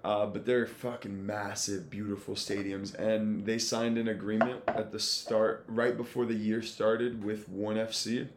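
A podcast co-host chatting casually, excitable and slangy, calling everyone bro. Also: male voice, fairly low pitch, measured pace, hardly any pauses. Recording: echoey room with faint noise.

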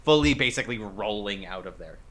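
A man's voice: fairly low pitch, animated, a little fast, fairly bright tone. A man narrating as game master of a tabletop game, rambling with filler words.

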